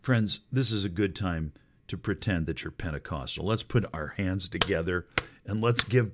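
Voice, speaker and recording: A middle-aged male pastor preaching a sermon, expressive and wry, with sudden jumps in pitch for emphasis. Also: moderate pace.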